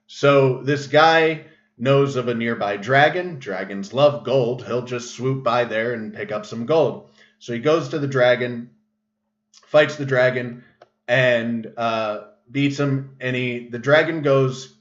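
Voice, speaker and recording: A man's voice: medium pitch, takes it slowly. A man hosting a casual livestream monologue, rambling with many fillers and restarts, recorded in an echoey room with a dull, lo-fi sound. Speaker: show host.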